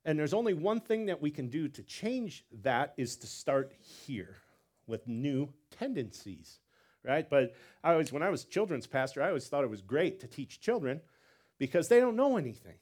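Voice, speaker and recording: A man preaching a sermon as pastor, animated, repeating words and acting out quotes. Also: fairly high pitch, moderate pace.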